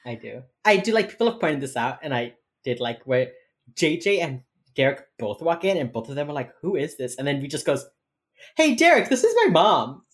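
A woman's voice: a bass voice, lively intonation, a little fast. A woman co-hosting a casual podcast chat, rambling with many fillers and swearing as she acts out quotes from a show. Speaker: podcast co-host recapping a TV episode.

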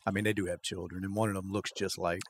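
A man's voice: deep voice, little pitch movement, quick pace, husky. A man from Louisiana co-hosting a podcast, rambling and swearing in casual banter, laughing often. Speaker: podcast co-host. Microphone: studio microphone.

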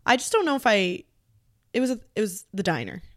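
A woman's voice: mid-range voice, big pitch swings, fairly quick, fairly bright tone, no echo, clean studio sound. A young woman co-hosting a podcast, chatting casually with short, wry, teasing replies. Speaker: podcast co-host. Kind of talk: casual chat.

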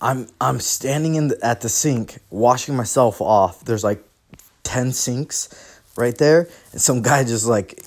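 Young male podcast host, mid pitch, casual and profane, rambling storyteller. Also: measured pace. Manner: profane, rambling, laughs through his stories.

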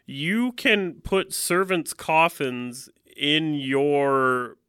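A man with a bright, crisp voice, recorded dry and close. He jokes casually as a podcast co-host and acts out little scenes. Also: a little high, extremely slow, no room sound. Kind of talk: casual chat about a video game.

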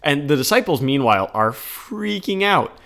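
A man co-hosting a podcast, talking through scripture readings in an earnest, conversational way, with animated retellings. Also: a little high, normal speed, vocal fry. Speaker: podcast co-host. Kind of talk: casual chat about scripture readings.

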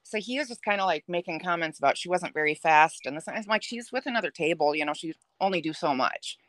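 A young adult woman telling a dating story on a podcast in a chatty, lively way. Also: lowish voice, fast, no room sound. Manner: chatty, animated, laughs while telling. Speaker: podcast guest. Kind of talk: casual storytelling.

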